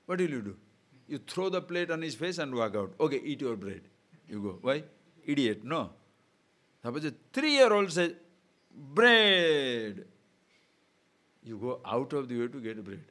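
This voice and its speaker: A man's voice: mid-range voice, moderate pace. A man giving a spiritual discourse, often putting rhetorical questions to his listeners. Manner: animated, rhetorical questions to the audience. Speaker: spiritual teacher. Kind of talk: discourse on scripture.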